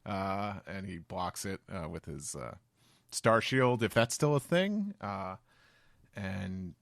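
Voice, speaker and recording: Man, low pitch, gravelly voice, halting podcast recap, dry close sound. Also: animated, no echo. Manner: halting, full of "uh" fillers, acts out quoted lines. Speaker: podcast co-host recapping a manga chapter. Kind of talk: casual chat.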